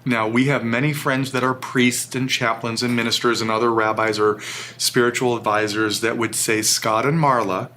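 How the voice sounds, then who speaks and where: A man's voice: mid-range voice, level tone, moderate pace, bright, forceful tone, slight background noise. A man as an interview guest, telling a personal story in an earnest, emotional way. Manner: earnest, emotional, vivid retelling.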